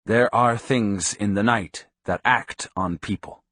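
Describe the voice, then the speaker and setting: A man voicing an old male sorcerer, cryptic and urgent, speaking in a hushed, secretive way. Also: fairly low pitch, slow pace, no echo, clean studio sound. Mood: ominous.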